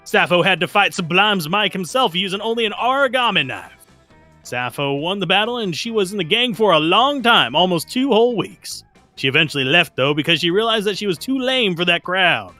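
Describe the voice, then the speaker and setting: A man reading game text aloud in a brisk, amused way while playing a video game with friends. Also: high voice, lively intonation, bright, forceful tone, faint music behind. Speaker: game commentator.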